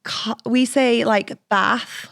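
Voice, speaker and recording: A woman from Manchester with a Mancunian English accent, hosting a casual podcast chat in a lively, playful way. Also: on the high side, brisk. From Manchester, England. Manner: animated, playful, swears casually. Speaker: podcast host.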